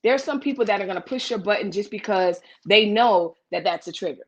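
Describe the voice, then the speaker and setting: Blunt, animated woman hosting a live chat. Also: medium pitch, fairly quick. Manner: blunt, animated, talks straight to viewers; reads out and answers viewer comments. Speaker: host of a live chat show. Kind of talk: live casual chat with viewers.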